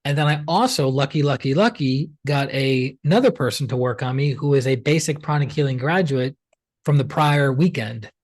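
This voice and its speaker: A man, a healer, telling his story as an interview guest in a chatty, animated way, often using "like" and acting out what others said. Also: mid-range voice, moderate pace, dry recording. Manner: chatty and animated, acts out quoted dialogue, many "like" fillers. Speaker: pranic healer, podcast guest.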